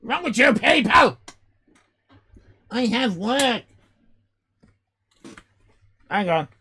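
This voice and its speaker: An Irish man in his fifties hosting a live stream, loud and exclaiming, swearing and joking as he reacts to chat. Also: extremely high pitch, very animated, very slow, breathy edge. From Ireland. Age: 50s. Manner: loud, exclaiming, swears and jokes, rambling restarts.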